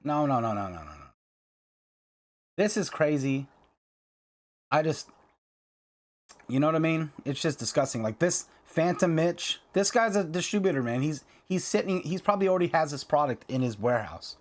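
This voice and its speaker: A man's voice: on the high side, lively intonation, moderate pace. Heated, rambling male card-game vlogger. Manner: heated, repetitive ranting with many fillers. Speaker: card game video host. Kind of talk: casual ranting vlog.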